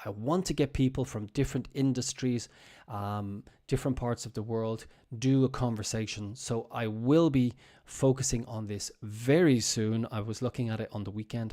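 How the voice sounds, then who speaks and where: A man's voice: mid-range voice, mellow. A man hosting a casual livestream English lesson, patiently repeating words and phrases for learners in a loose, chatty way. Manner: loose and chatty, many fillers. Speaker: English teacher and stream host.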